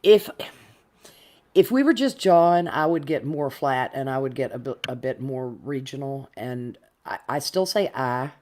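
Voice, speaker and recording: A woman from the US South with a softened North Florida accent, chatting casually in a deliberate, well-enunciated way. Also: very deep voice, animated. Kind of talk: casual chat.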